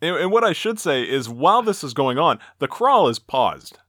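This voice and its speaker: A man's voice: on the high side, very animated, moderate pace, a bit bright, dry recording, studio quality. A man co-hosting a podcast, telling a story in casual chat and chuckling as he goes. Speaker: podcast co-host.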